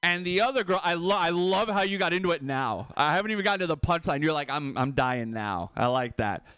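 A man doing a stand-up comedy set, animated and laughing at his own jokes. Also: high-pitched, fast talker, smooth, no echo, studio quality.

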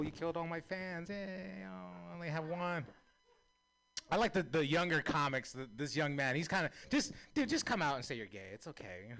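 Young man, stand-up comic, profane, rambling, laughs at own jokes, high. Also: fairly bright tone. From Native American heritage. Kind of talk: stand-up comedy set.

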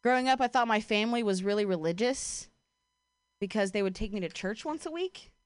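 A woman's voice: medium pitch, animated, brisk, smooth, no room sound. A young woman from Ohio doing a stand-up comedy set, casual and profane, full of "like" and "you know", self-deprecating. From Ohio, USA.

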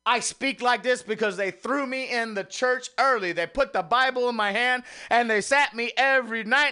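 A man hosting a radio show, delivering an impassioned, preacher-style monologue that swings from hushed murmurs to rising exclamations, a little out of breath. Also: extremely high pitch, clear, resonant tone. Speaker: radio host.

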